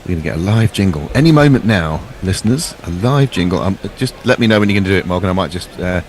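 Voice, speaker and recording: A man's voice: deep voice, lively intonation, fast. A man giving chatty, jokey ball-by-ball cricket commentary. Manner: chatty, jokey, describes play.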